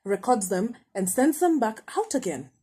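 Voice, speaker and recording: A mournful male islander from a children's storybook, read by a woman. The voice drops low and soft, mellow with a slight husk. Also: big pitch swings, moderate pace, breathy edge. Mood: sad. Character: sad male island villager.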